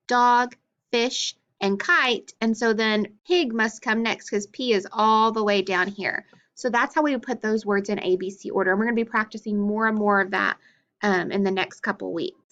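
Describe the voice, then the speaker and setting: A woman's voice: fairly high pitch, fairly bright tone, lo-fi sound. A woman teaching a phonics lesson to children, drilling letters and sounds with patient encouragement.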